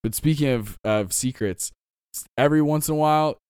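A man's voice: fairly high pitch, fairly quick, a little mellow, smooth, dry recording, studio quality. A man co-hosting a podcast about running tabletop games, chatting casually, giving advice and laughing often. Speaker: podcast co-host, game master.

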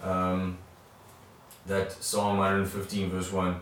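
A man's voice: low-pitched, completely flat delivery, slow pace, a little hiss or hum. A man sharing in a church study group, hesitant, often restarting and repeating words. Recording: very echoey room from far off.

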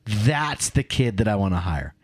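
A man's voice: on the low side, normal speed, breathy edge. A middle-aged man co-hosting a podcast, telling stories and ranting with emphasis. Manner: animated storyteller, emphatic and ranting. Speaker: podcast co-host. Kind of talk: casual podcast chat.

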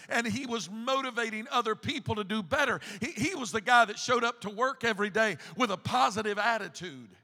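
High, bright-voiced preaching pastor. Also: male voice, in a large hall. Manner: preaching with rising, shouted emphasis and repetition. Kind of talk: sermon. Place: church sanctuary.

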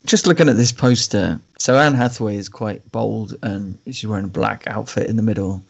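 A man's voice: on the low side, moderate pace, creaky, husky. Dry-witted man co-hosting. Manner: dry, wry remarks. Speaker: podcast co-host. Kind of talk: casual film review chat.

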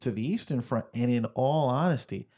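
A young man with a mid-pitched voice talks casually, explaining things in a loose, offhand way. He drops the odd swear word and keeps a conversational pace. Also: normal speed, dark tone. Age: young adult. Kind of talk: casual chat.

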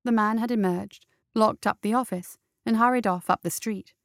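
A woman narrating a story in a steady, even storytelling manner. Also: fairly high pitch, moderate pace, no room sound, clean studio sound. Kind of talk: audiobook narration.

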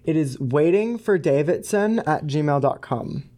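A man's voice: on the high side, animated, a little slow, dark tone. A man playing a hesitant, fumbling male caller with a put-on accent during a prank phone call, stalling with ums and restarts. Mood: flustered.

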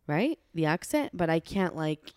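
A young woman with a lowish voice trades casual banter on a podcast. Her humor is playful and deadpan. The recording is dry and close to the mic. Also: normal speed, clear, resonant tone, no room sound. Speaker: podcast co-host. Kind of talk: casual chat.

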